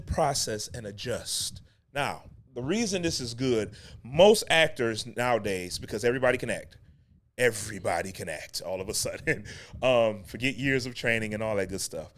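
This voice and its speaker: A man coaching actors in a loose, conversational monologue, animated and chatty with frequent restarts. He keeps circling back to repeat his main points and breaks into short laughs between them. His voice sits at an ordinary middle pitch. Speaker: acting coach and show host. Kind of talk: casual spoken teaching monologue.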